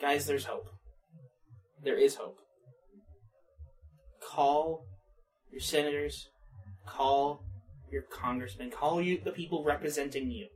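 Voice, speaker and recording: A man's voice: a little high, fairly even intonation, slow pace, long pauses, far from the mic, low-quality recording. A young man co-hosting a podcast, chatting casually with a wry, teasing manner. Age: young adult. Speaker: podcast co-host. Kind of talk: casual chat.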